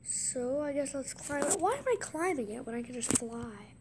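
A woman giving casual game commentary in an excitable voice, gasping with surprise and dropping into hushed asides. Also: sits high, moderate pace, a little hiss or hum. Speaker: gameplay commentator.

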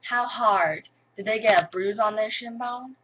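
A woman's voice: fairly high pitch, measured pace, muffled recording, slight background noise. A young woman chatting to camera in a rambling, giggly way, filling her talk with "like", recorded indoors at home. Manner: rambling, giggly, heavy use of "like". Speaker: vlogger. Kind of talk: casual chat to camera.

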